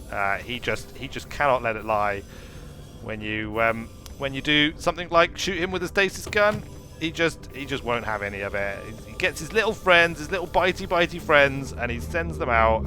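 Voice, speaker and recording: A man streaming a video game, giving playful, whimsical commentary and chatting to the creatures he meets. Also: medium pitch. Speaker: gaming streamer. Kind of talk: playful let's play commentary. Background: faint game music.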